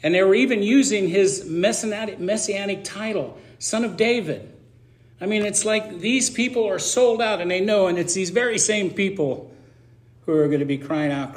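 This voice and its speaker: A middle-aged man preaches a sermon in a voice slightly higher than most men's, at a measured pace. His manner is chatty and emotional, with self-deprecating asides slipped between his points.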